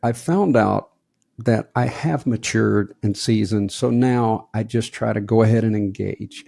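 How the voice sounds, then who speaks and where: A man's voice: lowish voice, a little slow, dark tone, no echo. A middle-aged man co-hosting a podcast, chatting casually with self-mocking humor and stories. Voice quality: gravelly. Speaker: podcast co-host. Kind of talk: casual chat.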